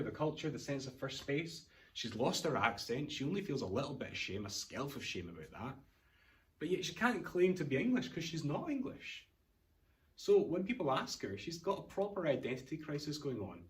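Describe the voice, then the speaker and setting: A man with a Scottish accent, an English teacher, explaining a poem line by line in a recorded revision lesson, in an informal way with Scots words. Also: a little high.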